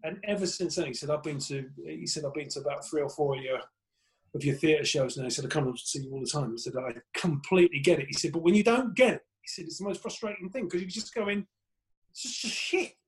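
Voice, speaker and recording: A man's voice: fairly high pitch, fast, low-quality recording. A man, a comedian guest on a podcast, telling rambling anecdotes in casual chat with plenty of swearing.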